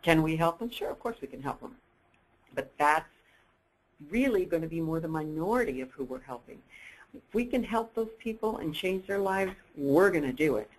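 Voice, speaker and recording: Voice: medium pitch, animated, moderate pace, low-quality recording. A presenter giving an upbeat sales training webinar, coaching listeners directly and acting out bits of dialogue.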